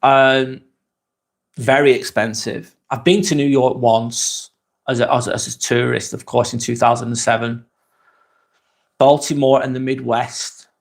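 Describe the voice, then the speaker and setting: A man hosting a casual live vlog, reading viewer comments in a relaxed, chatty way and asking lots of questions. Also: medium pitch, measured pace, vocal fry. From England.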